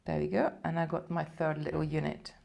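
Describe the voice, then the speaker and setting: Her low, gravelly voice has a slightly mellow quality, and she keeps an even tone at a somewhat quick pace. In a chatty live beading tutorial, she guides viewers through every step while working.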